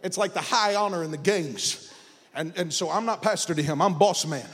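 A man pastor preaching a sermon, building from casual storytelling into shouted and sung phrases. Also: high voice, moderate pace, in a large hall. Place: church sanctuary.

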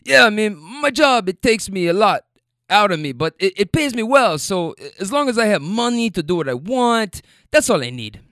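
Man doing South American accent, forty-ish single guy, higher voice, emphatic, stammering repeats. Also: big pitch swings, normal speed, a bit bright, dry recording, clean studio sound. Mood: chatty. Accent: South American (imitated). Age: 40s. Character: single forty-year-old man, easygoing rideshare passenger.

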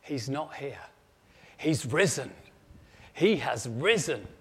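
Man doing a big solemn angel, slow and hushed, echoey hall. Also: a little high, husky. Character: mighty glowing angel, calm and commanding. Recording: long echo of a large hall.

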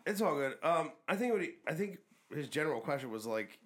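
A man's voice: on the high side, sing-song, a little fast. Teasing, rambling podcast guy. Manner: teasing, rambling, says he is drunk. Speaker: podcast co-host. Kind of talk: casual crude podcast banter.

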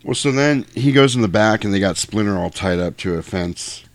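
A man's voice: lowish voice, expressive, no room sound. A man casually recapping a movie scene by scene on a podcast, profane and joking. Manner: profane, joking, quick to do voices.

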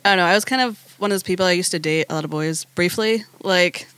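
A woman's voice: on the low side, fast, a bit bright, smooth. A woman from Wyoming telling a story as a podcast guest in casual chat, giggly and chatty.

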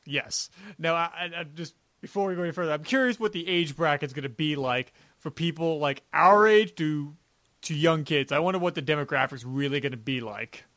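A young man co-hosts a podcast in loose, rambling chat, circling back with fillers and false starts. His voice sits a bit high and it is recorded close and dry, with no room sound. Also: a little fast, a bit bright, dry recording. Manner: rambling, many restarts and "like" fillers. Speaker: podcast co-host. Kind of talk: casual chat.

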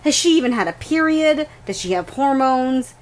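A woman co-hosting a casual podcast, animated and quick to laugh, swearing freely. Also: sits high. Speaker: podcast co-host. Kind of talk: casual chat.

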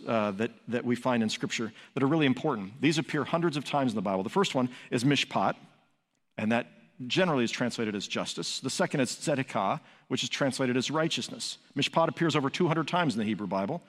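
A man's voice: medium pitch, animated, brisk. A man preaching a sermon as pastor, emphatic, building to raised peaks and asking rhetorical questions. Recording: long hall reverb.

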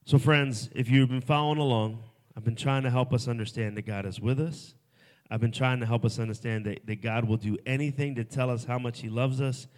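A man preaching a sermon at a festival, swinging from hushed, soft lines to loud, emphatic ones. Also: medium pitch, steady tone, brisk. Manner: dynamic, swings from hushed to shouting. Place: festival stage before a crowd.

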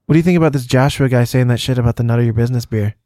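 A man hosting a casual beer podcast in a studio, teasing his guests with deadpan quips. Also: mid-range voice, racing, dry recording. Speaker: podcast host. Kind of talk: casual beer-tasting chat. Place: recording studio.

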